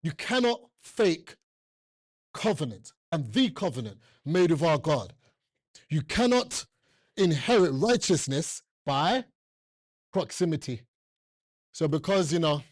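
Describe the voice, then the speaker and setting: This preacher's voice sits on the high side and sounds animated, delivered at a measured pace with frequent pauses. Joking with his congregation and often quizzing them, he preaches emphatically and repeats himself, captured in clean, echo-free studio sound.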